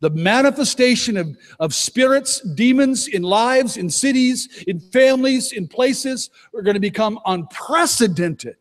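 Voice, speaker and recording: A man preaching with a notably high voice for a man, the sound ringing with long reverb from a large hall. He drives his points hard, jumping from loud declarations down to low, intense asides. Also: lively intonation, measured pace, hardly any pauses. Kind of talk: conference sermon. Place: conference hall.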